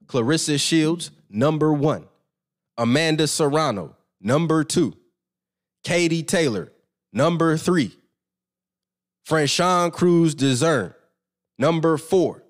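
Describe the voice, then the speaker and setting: A man hosting a casual live boxing stream, talking straight to his viewers in an animated, slangy way. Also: on the high side, takes it slowly, pauses often. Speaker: boxing podcast host.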